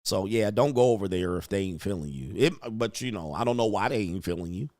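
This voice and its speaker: A man's voice: fairly low pitch, animated, a little fast, a little mellow, no room sound, clean studio sound. A man hosting a livestream, ranting with constant swearing and mocking asides, reading chat messages aloud. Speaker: livestream host. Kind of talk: profane ranting commentary.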